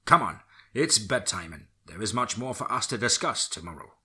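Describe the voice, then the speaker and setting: A man voicing a kindly village priest who speaks gently and reassuringly. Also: fairly low pitch, sing-song, normal speed, breathy edge, exaggerated voice.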